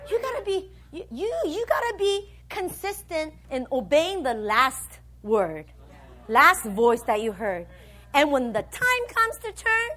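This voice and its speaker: A woman preaching a sermon, animated, swinging between loud bursts and soft, low stretches, and acting out the voices of other people as she teaches. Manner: plays out voices of a nagging map and a complaining listener.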